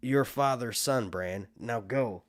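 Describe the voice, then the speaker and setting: A man's voice: medium pitch, slow pace, dry recording, studio quality, natural voice. A man reading aloud as a frail, dying old male maester, urgent and dryly sardonic. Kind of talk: casual book reading aloud.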